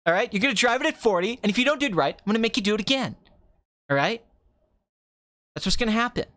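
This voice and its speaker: A man doing a comedic impression of a cocky film director, ranting fast and swearing, swinging from quiet musing to loud excitement. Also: high-pitched, no echo. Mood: bossy.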